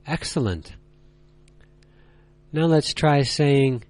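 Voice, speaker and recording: A man teaching a language lesson, speaking slowly and deliberately with long pauses and drawn-out words. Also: mid-range voice, animated, darkish tone, no room sound. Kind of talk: slow, deliberate tutorial.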